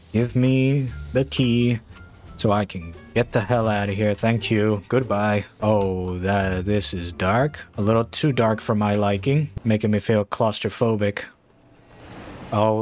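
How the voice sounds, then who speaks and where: Slow-talking man with jumpy gaming commentary. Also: lowish voice. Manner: slow, drawn-out talk that jumps to startled shouts and curses. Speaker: gamer playing a horror game. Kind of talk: casual let's-play commentary.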